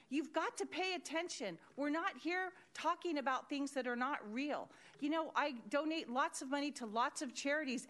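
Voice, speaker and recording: A woman with a fairly high voice speaks at a council meeting podium. She talks in an urgent, insistent way and scolds the officials in front of her. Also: fairly bright tone. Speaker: public commenter at a city council meeting. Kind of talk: public comment speech. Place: council chamber.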